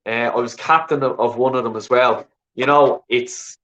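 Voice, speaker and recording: A man's voice: mid-range voice, steady tone, moderate pace, a bit bright, poor audio. An Irish man chatting casually on a call-in show, talking in an emphatic, insistent way. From Ireland.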